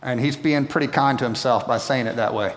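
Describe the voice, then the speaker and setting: A man's voice: mid-range voice, fairly quick, long reverb tail. A male pastor preaching a sermon in a conversational way, often checking in with the congregation. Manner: conversational, asks the room "right?" often. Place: church auditorium.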